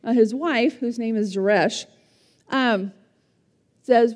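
A woman retelling a Bible story as a lively lesson, in an animated way, often putting questions to her listeners. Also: on the high side, slow pace, pauses often. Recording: long hall reverb.

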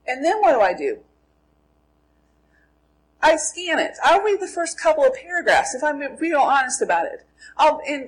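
Middle-aged woman Bible teacher, slightly high and husky, asks questions and answers them herself. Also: rough recording. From Minnesota, USA. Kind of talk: Bible lesson to a group.

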